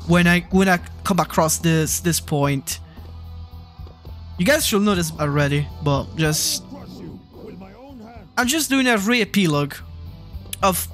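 High-voiced man ranting over gameplay. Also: animated, takes it slowly, pauses often, a bit bright, soft background music. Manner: rambling, repeats himself, gets heated and swears. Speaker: gaming channel host. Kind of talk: casual gameplay commentary.

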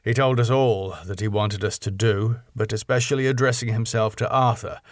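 A man reading a classic novel aloud as an audiobook narrator, in a steady storytelling manner. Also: on the low side, normal speed, no echo, clean studio sound.

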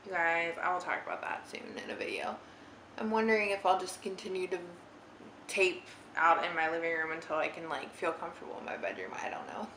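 A bright, chatty young woman rambles through a makeup routine at home, full of fillers and giggles. Her voice carries a clear, sharp edge. The living room adds a roomy echo with a faint hum of ambience behind her. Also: lowish voice, a little fast. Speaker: beauty vlogger. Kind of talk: casual makeup tutorial chat.

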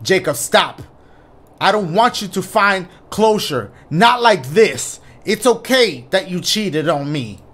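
A cold, accusing ghost of a dead woman speaks from a horror game, read aloud by a man. Her lines come out flat and blaming, with the pitch still lifting and dipping. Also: slow pace, full character voice. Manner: reading game lines aloud in a half-serious voice. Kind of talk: reading game dialogue aloud.

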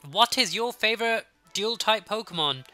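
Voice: medium pitch, expressive, normal speed, bright, forceful tone, faint music behind. A young adult Let's Play gamer with a Birmingham accent, chatting to viewers during casual gameplay commentary while sniffly with a runny nose.

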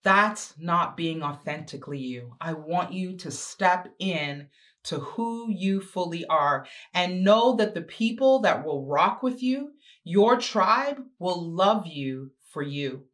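A woman's voice: lowish voice, lively intonation, takes it slowly, fairly bright tone. Emphatic, sassy woman giving a motivational talk. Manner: emphatic, repetitive exhortation with sudden swings in pace; chatty and sassy asides. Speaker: guest speaker. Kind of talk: motivational talk to teenage girls.

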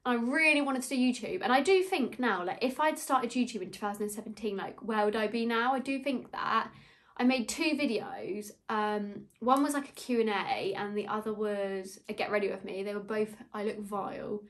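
A woman's voice: medium pitch, animated, moderate pace. A young woman chatting in a get-ready-with-me vlog, telling rambling, gossipy stories while a little tipsy. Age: young adult. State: slightly tipsy. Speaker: beauty vlogger.

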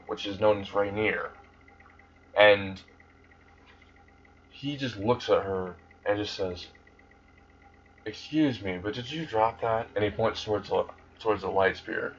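A young man casually retelling a fan story, rambling and swearing freely. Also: fairly low pitch. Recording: dull lo-fi recording.

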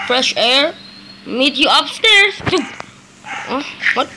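A woman hosting a casual game roleplay video, talking in a halting way with many pauses and sudden excited exclamations. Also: high-pitched. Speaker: Minecraft roleplay video host. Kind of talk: casual gameplay roleplay commentary. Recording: noisy with clicking in background.

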